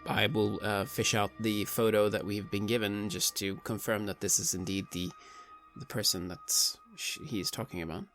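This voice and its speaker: A man's voice: lowish voice, steady tone, moderate pace, fairly bright tone, faint music behind. A man playing a tabletop game, speaking hesitantly with stammered restarts. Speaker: player.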